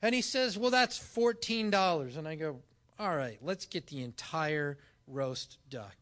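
Bright, high-voiced preacher man. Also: unhurried. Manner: animated storytelling, acting out dialogue. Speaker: pastor. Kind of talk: sermon with personal story.

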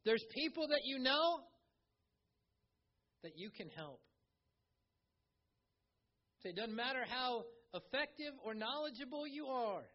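A man's voice: very high voice, lively intonation, measured pace, pauses often, highs cut off. A man preaching a conversational sermon, reading scripture and acting out quotes along the way. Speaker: pastor.

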